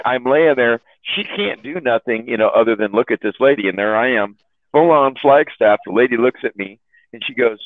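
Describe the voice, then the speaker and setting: Talking at a moderate pace with a mid-range voice, a man shares long, meandering stories with a chat room, frequently laughing, stumbling and repeating himself. The audio sounds thin and phone-like, completely dry with no room sound.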